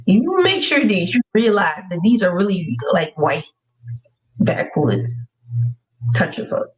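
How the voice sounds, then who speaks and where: A woman co-hosting a casual spoiler review of a TV episode, relaxed and chatty, laughing along with her co-host. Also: mid-range voice, a little slow. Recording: muffled lo-fi sound.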